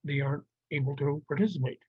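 A man's voice: on the high side, fast, husky, dry recording. A man teaching a Bible survey lesson, explaining plainly with some fillers and restarts. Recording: dry, muffled lo-fi recording.

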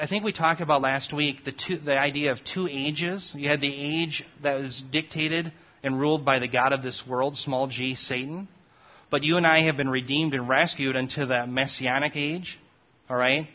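A man teaching a Bible study class in an explanatory manner, often pausing to check in with his listeners. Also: fairly high pitch. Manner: checks in often with "okay?" and "right?". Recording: dull lo-fi recording.

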